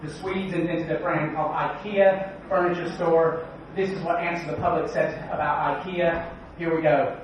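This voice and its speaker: An energetic man gives a keynote at a conference, joking and firing questions at the crowd. His voice sits a little high for a man and reaches the mic from a distance. The sound is dull and rings through a big, echoey hall. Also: moderate pace, few pauses, slight background noise. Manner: joking, energetic, quizzes the audience. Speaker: conference speaker. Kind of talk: keynote talk.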